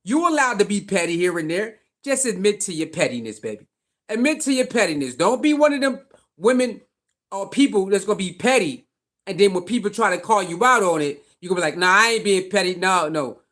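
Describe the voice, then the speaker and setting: A man's voice: sits high, very animated, fairly quick, a bit bright. A man hosting casual commentary, talking back to a clip in a loose, conversational way. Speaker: commentary host.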